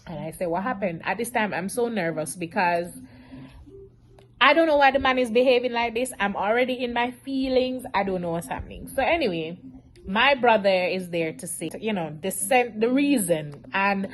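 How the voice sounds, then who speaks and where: A woman, telling a storytime vlog in an animated, emotional way. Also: mid-range voice, moderate pace. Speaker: vlogger.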